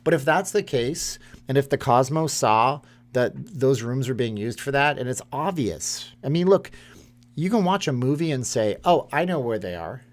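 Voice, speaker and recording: A man's voice: mid-range voice, lively intonation, moderate pace. A man, hosting a casual live stream and reading chat comments aloud in a rambling way. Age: 30s.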